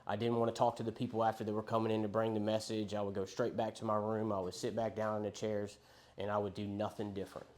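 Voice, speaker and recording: A man's voice: lowish voice, little pitch movement, quick pace, a little mellow. A young man telling his recovery story in a frank, rambling, profane way, quoting the people he met. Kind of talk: candid recovery testimony.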